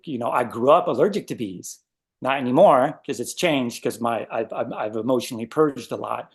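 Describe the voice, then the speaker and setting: A man casually telling a personal story as a guest, animated and acting out his own reactions. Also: medium pitch, normal speed.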